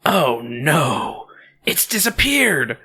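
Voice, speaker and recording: A man's voice: on the high side, big pitch swings, extremely slow, sharp tone, husky, faint music behind, full character voice. A man voicing a panicked young kid who screeches in alarm.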